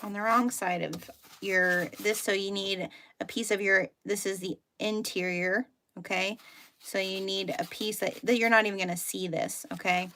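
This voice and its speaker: A woman's voice: mid-range voice, fairly even intonation, normal speed, a bit bright. A woman hosting a live sewing tutorial, chatting casually with lots of fillers and thinking aloud as she works. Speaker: sewing teacher hosting a live sew-along.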